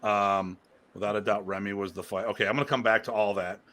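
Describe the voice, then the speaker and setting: A man with a fairly low, forceful, tense-edged voice hosts a casual live stream. He rambles and stresses his points hard, sliding easily into rants as he teaches about martial arts. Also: flat delivery, quick pace. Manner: rambling and emphatic, prone to rants. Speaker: martial arts instructor and show host.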